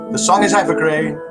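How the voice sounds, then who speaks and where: A man's voice: fairly high pitch, poor audio. An older man from the UK hosting a live show, chatty and jokey as he reads viewers' messages aloud. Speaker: host of a live interactive show. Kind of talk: live-stream chat reading viewer comments.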